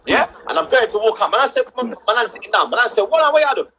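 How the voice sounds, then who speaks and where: High, lively man. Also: fast, vocal fry, slight background noise. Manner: animated, slangy, keeps checking in with "yeah?". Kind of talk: casual storytelling on a livestream.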